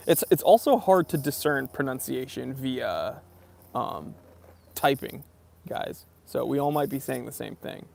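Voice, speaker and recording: Gravelly laid-back American guy. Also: medium pitch, expressive, a little slow, darkish tone. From United States. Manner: laid-back, chatty, bro-ish slang. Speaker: watch channel host. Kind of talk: casual livestream Q&A reading viewer comments.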